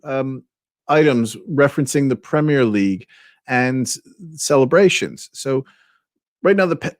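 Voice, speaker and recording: A man's voice: mid-range voice, no room sound, studio quality. A man hosting a casual podcast chat over a remote call, talking hesitantly with many fillers. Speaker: podcast co-host.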